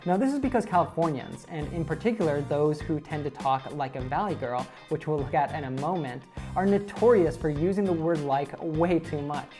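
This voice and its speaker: A woman narrating a scripted lesson on American accents in a clear, upbeat, explanatory way. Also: deep voice, normal speed, hardly any pauses, music in the background. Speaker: accent teacher.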